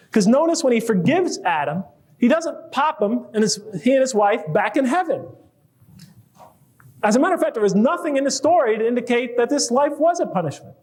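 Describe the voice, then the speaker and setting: A middle-aged man giving a conversational public lecture, joking with the audience and rising to animated emphasis. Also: very high voice, a little fast.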